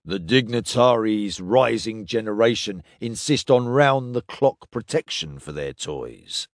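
A man reading a story, voicing Mokul, a calm, scheming male guide who speaks in a measured way. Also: lowish voice, no echo, clean studio sound.

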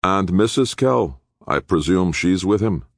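A man voicing a wily older official who talks in a flat, dismissive, sometimes growling way. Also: low-pitched, normal speed, dry recording, clean studio sound, pitched above the performer's own voice. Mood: dry cunning. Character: gruff, wily older male official protector.

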